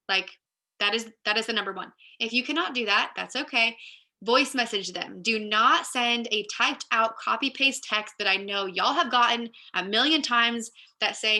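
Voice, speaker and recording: A woman with a very bright, forward voice gives a casual training talk to her team. She sits a little above the usual pitch for a woman and talks in a chatty, upbeat, direct way. Her speech is full of "like" and "you guys" as she coaches. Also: moderate pace. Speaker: team leader.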